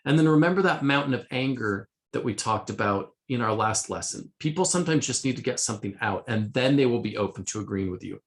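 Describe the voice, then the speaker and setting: Speaking quickly with few pauses, a middle-aged man in a medium, animated voice summarizes a self-help book in a casual spoken lesson. He reads out quoted passages and often backs up to restart his phrases.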